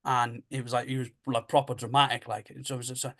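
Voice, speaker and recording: A man telling ghost stories in a rambling, repetitive way, his voice low-middle and fairly flat. He keeps looping back and retelling what people said, like a guest chatting on a podcast. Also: fast. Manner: rambling, repeats himself, retells dialogue. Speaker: paranormal investigator guest. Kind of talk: casual storytelling.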